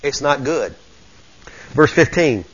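Fervent preacher, bright voice. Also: male voice, animated, takes it slowly, dull audio. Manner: fervent, folksy, swings from low murmurs to shouting. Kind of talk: sermon.

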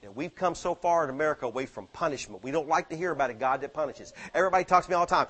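A man preaching a sermon, swinging from low, quiet asides to fervent exhortation full of rhetorical questions. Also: racing, few pauses, husky.

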